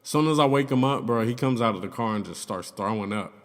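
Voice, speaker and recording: Young dude doing a storytime vlog, swears a lot, says like every other word, echo hangs in the room. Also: male voice, medium pitch, lively intonation, fast talker. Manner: loose and profane, heavy on "like" and "you know what I'm saying". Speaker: YouTuber telling a story. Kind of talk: casual storytime. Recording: long reverb in the room.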